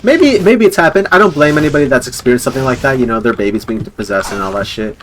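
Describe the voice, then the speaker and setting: A man's voice: mid-range voice, lively intonation, quick pace, a bit bright, slight background noise. A man streaming live, rambling casually with lots of fillers and chuckles.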